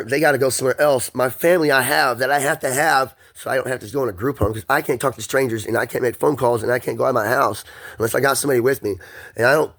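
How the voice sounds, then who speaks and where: A man's voice: medium pitch, a bit bright. A man in an emotional personal monologue, agitated and rambling, swearing often and repeating words as he pushes through strain.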